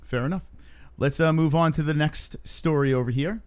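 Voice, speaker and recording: A man's voice: a little high, normal speed, smooth. A man co-hosting a casual news chat show, teasing and bantering. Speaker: co-host.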